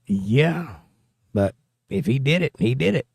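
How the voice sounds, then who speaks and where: Expressive yet measured in pace, this host's medium-pitched voice is creaky, husky and darkish. He has a Southern accent and reads viewer comments on his casual political livestream with wry, joking asides. The recording is dry and studio quality.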